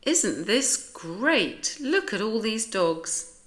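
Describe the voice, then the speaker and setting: British woman doing a cheery dog owner guy, eager, exclaiming, lilting up and down a lot, slow. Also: mid-range voice, very animated, a bit bright, voice pushed up, full character voice.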